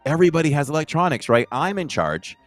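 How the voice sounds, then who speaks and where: A man co-hosting a casual podcast, animated and rambling, his voice jumping up when he gets excited. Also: fairly high pitch, quick pace, dry recording, faint music behind. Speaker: podcast co-host.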